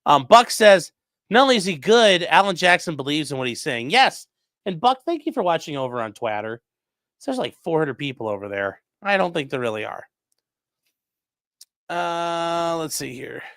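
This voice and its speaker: Lively bright-voiced man streaming. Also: on the high side, moderate pace, no room sound, clean studio sound. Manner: loose, profane, conversational. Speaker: defense attorney streamer. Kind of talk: casual livestream commentary reading chat.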